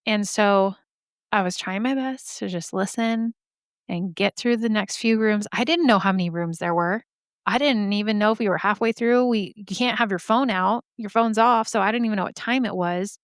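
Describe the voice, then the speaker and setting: Woman podcast host, candid storyteller, smooth, clean dry close sound. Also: mid-range voice, moderate pace, no room sound. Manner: candid, chatty, swears freely. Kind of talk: casual storytelling.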